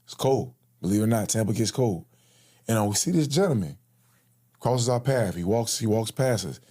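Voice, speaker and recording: A man's voice: on the low side, lively intonation, normal speed, dark tone. A man casually recounting a personal story in an interview, in slangy talk and acting out the quoted lines. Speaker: interview guest.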